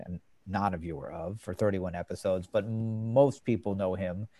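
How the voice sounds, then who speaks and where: A man's voice: low-pitched, steady tone, normal speed, dark tone, no room sound. A man hosting a podcast in casual chat, informatively retelling scenes and reading quotes aloud. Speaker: podcast host.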